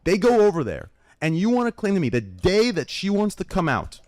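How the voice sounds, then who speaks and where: A man's voice: sits high, very animated, moderate pace, darkish tone, no room sound. A man on a recorded call who presses and interrupts, incredulous as he confronts the other person. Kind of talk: confrontational argument.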